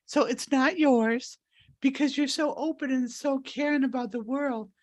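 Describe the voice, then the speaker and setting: A woman's voice: high-pitched, measured pace, darkish tone. A woman hosting a live healing session over a video call, talking in an earnest, rambling way while crying. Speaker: spiritual healer and host.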